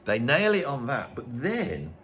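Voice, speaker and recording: A man's voice: medium pitch, measured pace, a little hiss or hum. A man in his fifties with a Birmingham accent, hosting a casual chat that reviews albums, in a chatty way, often quoting his own reactions. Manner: animated, chatty, quotes himself. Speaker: podcast host.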